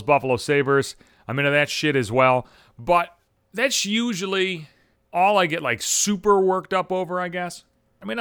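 A man's voice: medium pitch, pushed and bright, smooth, dry recording, clean studio sound. A middle-aged man delivering a profane, exasperated comedic rant, swearing constantly. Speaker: monologue speaker.

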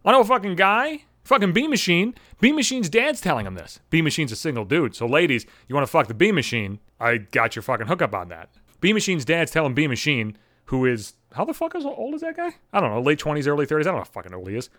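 Agitated, foul-mouthed man ranting fast. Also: fairly high pitch, sing-song, a bit bright, no room sound, clean studio sound. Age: 30s. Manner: agitated, swearing constantly, sarcastic. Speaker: podcast host. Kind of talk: profane solo rant.

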